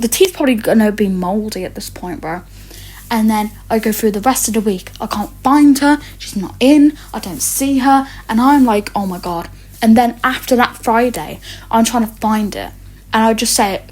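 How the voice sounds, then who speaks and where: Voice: medium pitch, normal speed, darkish tone. A teenager telling stories in a rambling rant, swearing often and stumbling over many fillers and restarts. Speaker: vlogger. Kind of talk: ranting storytime.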